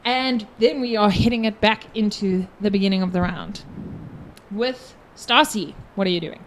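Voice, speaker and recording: A woman's voice: mid-range voice, slight background noise. A woman running a tabletop game livestream as game master, chatting and joking with her players between turns. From South Africa. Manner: giggly, apologetic, quick banter.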